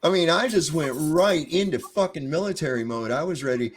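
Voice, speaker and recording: A middle-aged man tells a story in casual conversation, swearing freely and acting out both sides of a confrontation with a defiant tone. His voice is fairly high-pitched and fairly quick.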